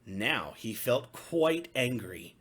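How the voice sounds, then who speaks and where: A man, a pastor, reading a bedtime story to children in an expressive, sing-song way. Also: medium pitch, slow pace, a little hiss or hum.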